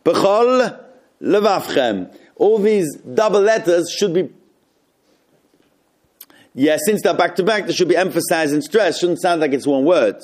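Man slowly leading a text study. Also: fairly high pitch, a little mellow. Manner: reads aloud slowly, then explains and wonders. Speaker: study group leader.

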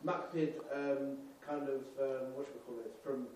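A man's voice: medium pitch, steady tone, moderate pace, darkish tone, slight background noise, poor audio. A man in a study group breaking in with points, hesitant and full of restarts. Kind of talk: text study discussion.

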